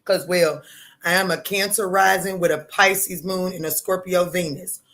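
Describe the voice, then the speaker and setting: A woman hosts a tarot-reading livestream at a normal speed, her intonation fairly even overall. She's loud, bold and profane in casual chat, laughing often and jumping suddenly in pitch.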